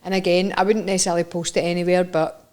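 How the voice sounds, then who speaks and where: A woman's voice: fairly low pitch, level tone, fast, darkish tone. A young woman with a Scottish accent, co-hosting a podcast in casual, teasing chat and laughing often. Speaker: podcast co-host.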